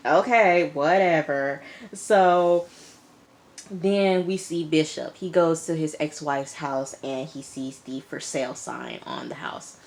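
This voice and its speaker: Woman, lowish voice, chatty episode recapper, talks straight to viewers, acts out lines. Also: slow, slight background noise. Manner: chatty, addresses listeners as y'all and girl; animated, acts out characters' lines. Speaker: TV episode reviewer.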